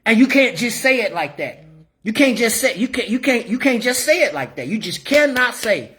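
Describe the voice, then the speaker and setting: A man's voice: very high voice, sing-song, normal speed, bright, forceful tone. A middle-aged man delivering a blunt opinion rant to the camera, repeating phrases for emphasis. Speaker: vlogger giving opinions.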